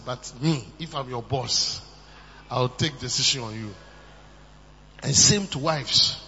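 A man preaching a sermon, moving from soft asides to shouted emphasis. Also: fairly high pitch. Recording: muffled, with long hall reverb and faint hum.

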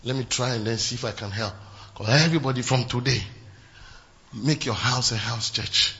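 A man preaching a sermon as pastor, swinging from shouted exclamations to low, quiet asides. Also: normal speed, highs cut off, a little hiss or hum.

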